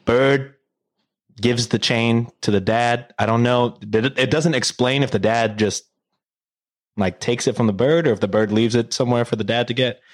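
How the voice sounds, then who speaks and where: A man's voice: medium pitch, steady tone, moderate pace. A man casually retelling a story to friends, rambling and profane, full of fillers and jokes.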